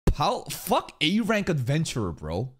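A man reacting live to an anime episode, excitable and swearing, often shouting questions at the screen. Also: fairly high pitch, measured pace.

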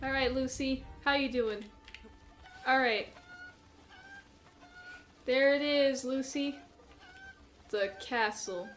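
A woman's voice: high-pitched, slow pace, long pauses, soft background music. A young woman commenting on her own gameplay, who panics and shrieks in tense moments, then rambles and laughs at herself. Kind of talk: let's play commentary.

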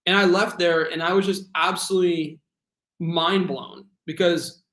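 Young guy telling his story, earnest, lots of likes and ums, bit high voice, roomy echo. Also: measured pace. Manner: earnest, filler-heavy, animated retelling. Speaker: guest. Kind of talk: casual storytelling interview. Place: home room.

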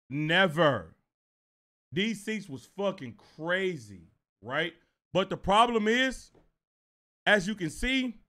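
A man streaming live, telling a story to his chat in a casual, profane way. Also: high voice. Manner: animated and profane, talks straight to viewers.

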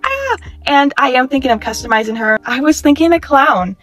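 A woman in her twenties chatting excitedly in a casual haul vlog, gushing and saying "like" often. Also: sits high, a little fast, faint music behind. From California. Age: 20s. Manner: bubbly, gushing, chatty with many "like"s. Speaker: YouTuber reviewing toys.

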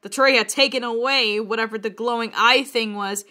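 A woman reading a bad story aloud in a mock-dramatic way, breaking into high laughing shrieks and comments. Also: steady tone, moderate pace, few pauses, pushed and bright. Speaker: reader of bad fan fiction.

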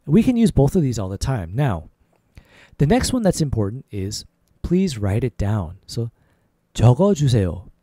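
A man's voice: mid-range voice, no room sound, clean studio sound. Casual male podcast language teacher. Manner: repeats phrases slowly, then faster, for drilling; relaxed, casual teaching with many "like" fillers.

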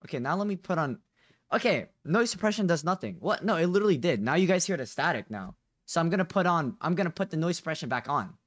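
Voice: medium pitch, sing-song, quick pace, no room sound. A live streamer chatting casually with viewers, restless and questioning, dropping bro and dude often, on a close condenser mic at a home setup. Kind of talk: casual livestream chat to viewers. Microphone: condenser desk mic, close.

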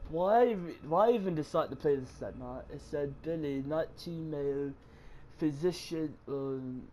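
A man's voice: a little high, unhurried. A man, panicking and swearing through a horror game let's play while talking to his viewers. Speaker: gamer. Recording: loud game noise behind the voice.

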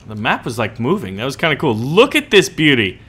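Gaming host, male, bright voice, light and joking, commenting over flight gameplay. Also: mid-range voice, sing-song, brisk, husky. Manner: upbeat and joking.

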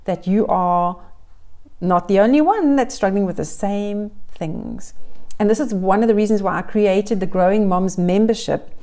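A middle-aged woman, a parenting coach, speaks straight to camera in a mellow, mid-range voice at normal speed. Her advice vlog is earnest and encouraging, and she often repeats phrases in lists.

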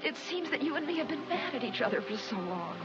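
A resentful grown daughter. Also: female voice, fairly high pitch, very animated, fast talker. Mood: hurt. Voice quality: emotional and pleading. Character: adult daughter, resentful and wary of her father. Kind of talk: film trailer dialogue. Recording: muffled film trailer audio with music.

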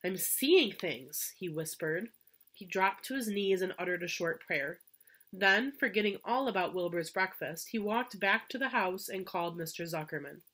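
A woman's voice: fairly low pitch, expressive, moderate pace, a bit bright. Woman teacher reading a storybook aloud. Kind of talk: storybook read-aloud for children.

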